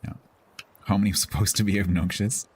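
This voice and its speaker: A man's voice: on the low side, steady tone, fairly quick, a little hiss or hum. A man streaming live, chatting casually with his viewers about role-play characters in a rambling, self-interrupting way.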